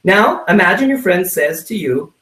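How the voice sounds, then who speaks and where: A man's voice: high-pitched, moderate pace. A man giving a motivational sales training talk, acting out little scenes and checking in with "right?" from his home office. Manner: animated, acts out little scenes, keeps asking "right?". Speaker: network marketing trainer. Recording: roomy sound, mic at a distance.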